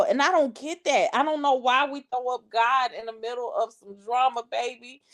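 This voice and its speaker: Sassy congested woman on a livestream. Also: a little high. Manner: sassy, talks straight to viewers, reads comments aloud. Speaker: livestream host. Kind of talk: casual live-chat commentary.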